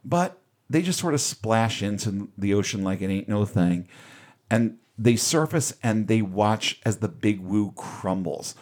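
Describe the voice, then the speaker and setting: Male podcast host, lowish voice, casual plot-recap delivery, dry wit, offhand swearing. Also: a little mellow.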